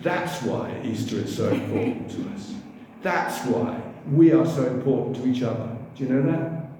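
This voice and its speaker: An older man preaching a sermon, slow and emphatic, calling out to the congregation for responses. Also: medium pitch, expressive, mellow, distant mic. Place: large echoey church hall. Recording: echoey hall, faint room noise.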